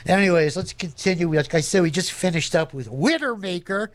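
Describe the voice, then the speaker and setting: A man hosting a live radio show alone in a studio, reading sponsor plugs with goofy jokes and sudden silly high voices. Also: expressive, fairly quick, no echo. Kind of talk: playful live radio patter. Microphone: studio microphone.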